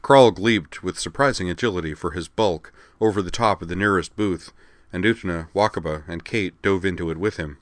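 A man reading scripted narration of a science fiction story in a steady, even way. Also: low-pitched, fairly quick, dry recording.

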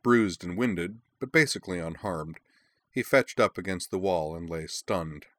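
A man narrating a fantasy story in a measured, expressive storytelling manner. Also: deep voice, dry recording. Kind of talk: audiobook narration.

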